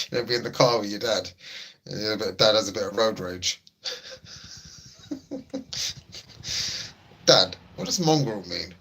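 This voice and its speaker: A man's voice: on the low side, fairly even intonation, slow, long pauses, bright, forceful tone, a little hiss or hum. A young man hosting a livestream, chatting casually and joking as he reads out viewer messages. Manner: laid-back, jokey, reads chat aloud. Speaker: livestream host.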